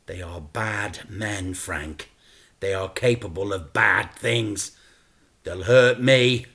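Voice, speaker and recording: A man's voice: lowish voice, slow, creaky, a bit bright, voice pushed down, full character voice. A man voicing an anxious father who drives the getaway car in a children's story. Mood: worried. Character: nervous adult male father, getaway driver.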